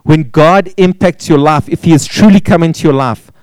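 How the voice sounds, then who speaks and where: A man's voice: a little high, moderate pace, darkish tone, clean tone, dry recording, rough recording. A man preaching a sermon, pressing points with repeated words and rhetorical questions. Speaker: pastor.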